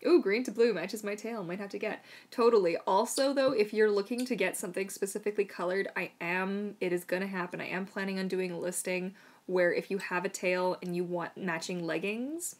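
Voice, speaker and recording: A woman's voice: medium pitch, brisk. A woman hosting a casual live Q&A stream as a mermaid tail maker, chatty and bubbly, with lots of fillers and frequent laughter.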